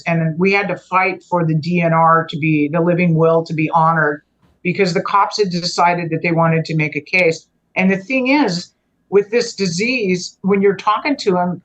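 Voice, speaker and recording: This guest's voice sits on the low side and moves at a normal speed, though the recording is muffled. She recounts a long personal story earnestly and conversationally, rambling and frequently going back to fix what she said.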